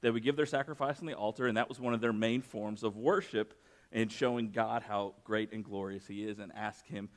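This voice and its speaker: A man preaching a sermon, mixing scripture reading with personal stories and raising his voice for emphasis. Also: medium pitch. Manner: conversational preaching with personal anecdotes, rising for emphasis. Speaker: pastor.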